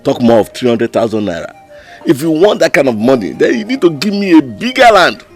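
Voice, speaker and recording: A man's voice: fairly high pitch, big pitch swings, brisk, soft background music. A man with a Nigerian accent playing a cold, greedy village cabinet member who mocks a friend's plea. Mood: dismissive. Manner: dismissive, mocking. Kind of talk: Nollywood film acting.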